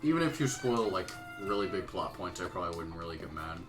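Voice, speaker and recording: A man's voice: low voice, very animated, quick pace, music in the background. A young man co-hosting a game stream, laid-back and rambling, laughing easily as he chats. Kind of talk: casual chat during a game stream.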